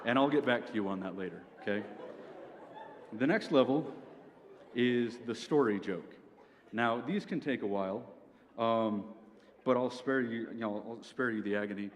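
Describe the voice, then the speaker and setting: A man's voice: medium pitch, normal speed, pauses often, slight background noise. A young man performing a stand-up comedy set at a university venue, with a dry delivery like a lecture and frequent "okay?" asides. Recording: long hall reverb, faint ambience.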